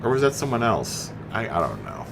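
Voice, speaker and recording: Over music, a man live-streams a racing game from his home setup, talking loosely and rambling to his live chat viewers and laughing at his own jokes. His voice is lowish with huge pitch swings, fairly quick, and has vocal fry. He's recorded on a studio mic through a mixer.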